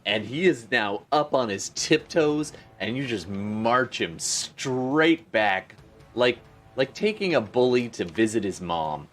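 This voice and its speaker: A man's voice: medium pitch, slow pace, faint music behind. A man running a tabletop game as game master, describing the action animatedly. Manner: animated, vivid scene-setting with frequent laughter.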